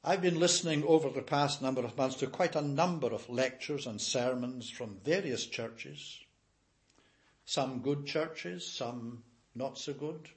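A man's voice: mid-range voice, measured pace. An older man preaching a sermon in an earnest, emphatic way, repeating key phrases.

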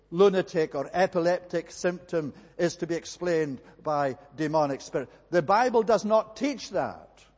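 With a darkish tone and a voice on the slightly high side, a man preaches to a congregation through earnest, emphatic repetition. Long reverb sends his words ringing as though through a church hall.

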